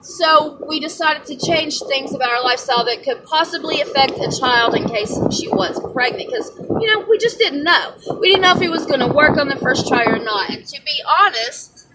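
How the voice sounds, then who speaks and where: A young woman with a Southern US accent, chatting excitedly to camera and telling a personal story. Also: sits high, moderate pace. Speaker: vlogger. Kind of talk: casual chat to camera. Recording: distant mic with background noise.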